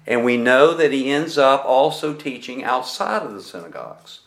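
A man preaching a sermon to his congregation, deliberate and measured, posing rhetorical questions to his listeners. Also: mid-range voice, big pitch swings, a bit bright. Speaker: pastor.

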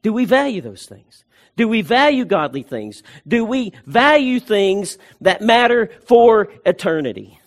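A male pastor with a high-pitched voice, delivering a sermon. He presses his points hard, repeating phrases for emphasis and stumbling into restarts along the way. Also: big pitch swings, unhurried.

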